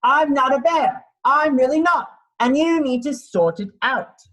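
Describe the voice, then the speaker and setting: Man putting on a fed-up koala, indignant rhyming rant, slangy, a bit higher than his own voice. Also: expressive, unhurried, poor audio. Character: exasperated koala, fed up being called a bear.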